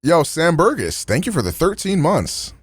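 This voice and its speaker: A man's voice: a little high, wildly swooping pitch, normal speed, slightly rough, no room sound, clean studio sound. A man streaming in a loose, slangy casual chat, full of restarts and fillers.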